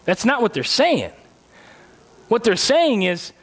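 A man's voice: extremely high pitch, very animated, moderate pace, fairly bright tone, faint music behind. A man preaching a sermon in a church, conversational and joking, putting rhetorical questions to the congregation. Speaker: pastor.

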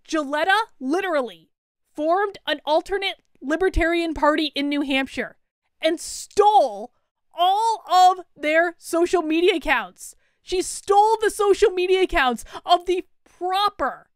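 A woman's voice: high-pitched, fairly bright tone, dry recording, clean studio sound. A woman hosting a breaking-news political commentary vlog, talking with emphatic, incredulous indignation.

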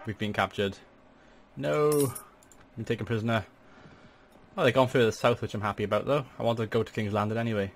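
Excitable gamer with a low voice. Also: male voice, brisk, a little hiss or hum. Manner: chatty, swears in sudden excited outbursts. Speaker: gaming channel host. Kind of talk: let's play commentary.

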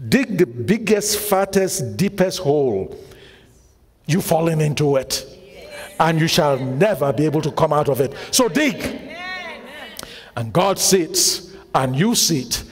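A man's voice: on the high side, lively intonation, slow pace, pauses often. A man preaching a sermon as pastor, quizzing the congregation with call-and-response questions and repeating lines with emphasis. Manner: emphatic repetition, bursts of shouting. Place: church hall. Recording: long hall reverb.

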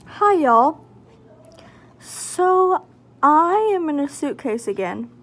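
A woman's voice: sits high, very animated, takes it slowly, fairly bright tone. A young woman vlogging casually to a phone camera, bubbly and rambling, often laughing. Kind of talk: casual vlog chat.

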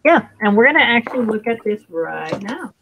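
A woman hosts a live stream in a casual, chatty way, steering the group along with frequent "all right"s. Her fairly high, sing-song voice moves at a normal speed with a fairly bright tone. The stream audio is dull and lo-fi, with a little hiss or hum.

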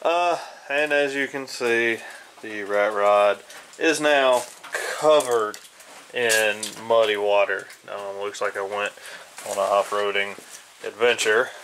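Man, casual DIY vlogger, bright forceful tone, rambling with lots of ums, faint background noise. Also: mid-range voice, rough recording. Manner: rambling, frequent ums and uhs. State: groggy, just woken up. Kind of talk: casual workshop vlog. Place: inside his house.

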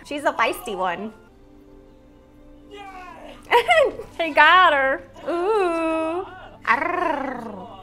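Woman reaction host, slightly high voice, chatty and quick to laugh. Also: fairly bright tone. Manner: chatty, laughs often, talks back to the screen. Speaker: drama reaction channel host. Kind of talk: casual reaction commentary.

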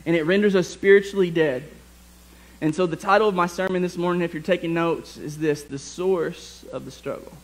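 A man preaching a lively sermon to his church congregation, joking with the crowd and reading scripture aloud. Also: sits high, a little fast, low-quality recording. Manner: energetic, jokey, speaks to the congregation. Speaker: pastor. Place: church sanctuary.

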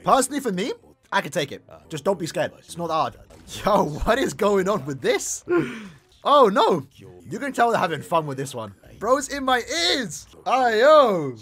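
A young man hosting an anime reaction, casual and slangy, breaking into excited exclamations and shouts. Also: high voice, normal speed, husky. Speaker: anime reaction channel host.

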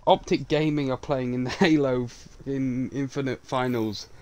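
A man's voice: mid-range voice, fairly even intonation, moderate pace, darkish tone. A man rambling casually while streaming a video game, chuckling between thoughts. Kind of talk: casual gaming stream chat.

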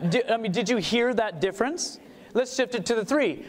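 A man gives an animated seminar talk on music, firing questions at his listeners and breaking into short sung examples. His voice sits high, and a long reverb trails it through the hall. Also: normal speed. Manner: animated, asks the audience questions, sings short demos.

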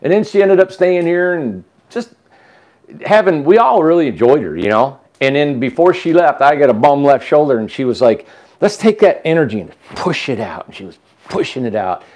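A man's voice: on the high side, lively intonation, moderate pace, darkish tone. A man hosting a casual chat, telling a long story with restarts and asides. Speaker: host.

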